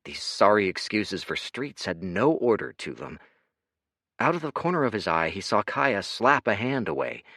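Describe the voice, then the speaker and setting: A man narrating an audiobook in an expressive, dramatic reading. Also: fairly low pitch, moderate pace, dry recording, clean studio sound.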